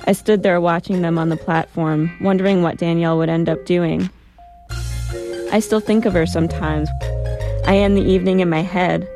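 Low-voiced woman narrating a story. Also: dark tone. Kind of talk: storytelling reading.

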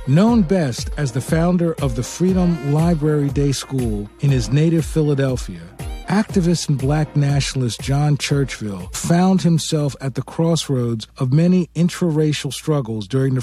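A man hosting and narrating a scripted introduction in a measured, formal way. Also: medium pitch. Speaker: host, museum director. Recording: soft music bed.

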